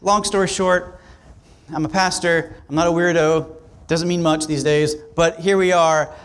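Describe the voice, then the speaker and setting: A male pastor telling a story in a sermon, conversational and animated, acting out the dialogue. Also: a little high, a little slow, clear, resonant tone.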